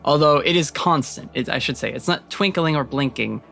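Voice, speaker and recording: A man narrating as game master of a tabletop role-playing game, setting scenes in a measured, descriptive way. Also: a little high, creaky, pushed and bright, soft background music.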